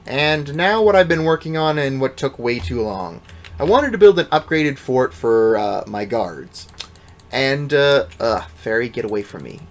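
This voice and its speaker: A man's voice: medium pitch, animated, measured pace. A man giving casual, rambling commentary over his gameplay, offhand and self-deprecating, with the odd swear. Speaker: let's play gamer.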